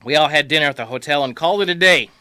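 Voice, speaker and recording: A man reading a comic personal story aloud in a wry, deadpan way. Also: on the high side, very fast, clean tone, no room sound.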